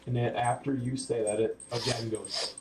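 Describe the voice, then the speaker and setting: A man narrating as game master of a tabletop game in a relaxed, conversational way, recorded from a distant mic in a roomy space. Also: mid-range voice, brisk, gravelly, crowd noise. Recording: roomy, distant mic, faint background noise.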